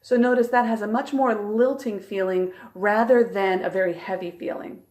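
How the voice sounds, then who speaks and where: Calm, clear woman teaching flute. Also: mid-range voice, normal speed. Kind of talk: instructional tutorial.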